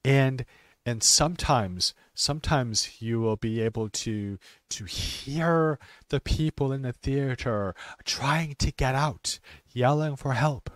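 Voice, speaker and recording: A man who talks slowly and simply for English learners, with many restarts, and sometimes trails off into quiet muttering. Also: medium pitch, no echo, clean studio sound. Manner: slow, simple wording with many restarts and fillers; drops to quiet mutters while fixing his stream. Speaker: ESL teacher streaming. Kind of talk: casual talk for English learners.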